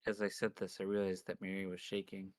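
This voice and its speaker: A man's voice: low-pitched, monotone, quick pace. A man streaming a visual novel, reading its first-person narration aloud dramatically. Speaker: game streamer.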